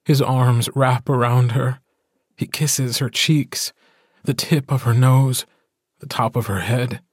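A male audiobook narrator reads in a slow, measured, intimate way. His voice is slightly husky and sits in a dry, close studio sound. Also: medium pitch, steady tone, no room sound. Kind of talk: scripted narration.

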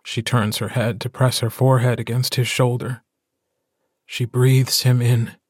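A man narrating an audiobook in a measured, intimate way. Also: medium pitch, little pitch movement, darkish tone, husky, no room sound, clean studio sound. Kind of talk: scripted narration.

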